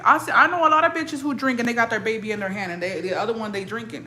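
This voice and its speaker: Racing along in a high-ish, pushed, bright voice, a young streamer from a Mexican-American family swears and speaks bluntly while reacting to her audience. She switches between Mexican-American English and Spanish, and slight background noise is audible.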